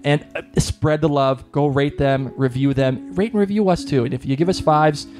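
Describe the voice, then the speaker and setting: A man's voice: fairly high pitch, normal speed, darkish tone, faint music behind. A man with a Boston accent co-hosting a podcast in a joking, chatty way. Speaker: podcast co-host. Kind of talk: casual podcast chat.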